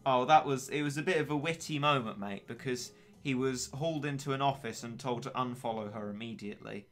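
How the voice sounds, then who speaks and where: A man's voice: mid-range voice, a little fast, a bit bright, faint music behind. A young man in his late teens chatting casually and wryly on a game stream, poking fun at himself. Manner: chatty, wry and self-mocking. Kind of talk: casual gaming stream chat.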